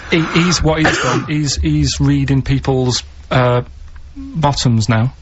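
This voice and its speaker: Deadpan bloke rambling thru a story on radio, lots of ums, bit muffled. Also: male voice, medium pitch, background noise. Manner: halting, deadpan storytelling with many pauses. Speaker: radio show regular telling stories. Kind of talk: casual radio banter. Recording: muffled radio broadcast recording.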